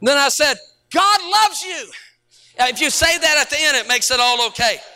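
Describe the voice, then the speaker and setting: A middle-aged man preaching as a pastor, telling stories to his congregation and rising to shouted peaks. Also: very high voice, fast talker, smooth. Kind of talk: sermon.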